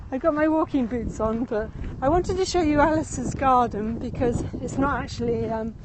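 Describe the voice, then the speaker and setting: Background noise surrounds a woman with a high voice who is live-streaming an outdoor walking tour of city meadows and gardens. As a tour guide, she chats and rambles into the phone she holds, laughing a lot and sounding somewhat winded from walking.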